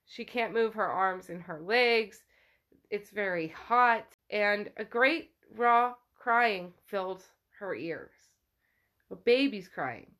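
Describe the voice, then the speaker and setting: Slow-talking woman recapping a book. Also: on the high side, fairly bright tone. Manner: retelling with many "like" fillers. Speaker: podcast host.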